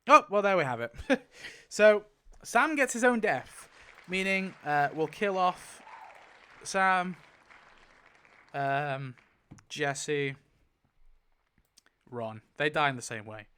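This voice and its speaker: A man giving casual, excitable commentary while spinning a wheel, laughing often and mumbling lists to himself. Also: fairly high pitch, slow pace, clear, resonant tone. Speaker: YouTuber.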